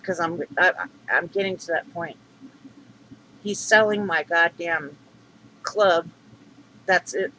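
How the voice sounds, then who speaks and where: Middle-aged man, high bright voice, rambling aggrieved vlog rant. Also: takes it slowly, pauses often, a little hiss or hum, rough recording. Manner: rambling, aggrieved, many fillers and restarts. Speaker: vlogger. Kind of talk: upset venting monologue.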